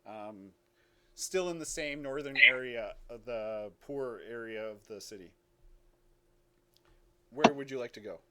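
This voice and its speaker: A man's voice: medium pitch, a little slow, long pauses, bright, forceful tone. Casual, rambling male game master. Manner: casual, many fillers and self-corrections. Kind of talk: running a tabletop game.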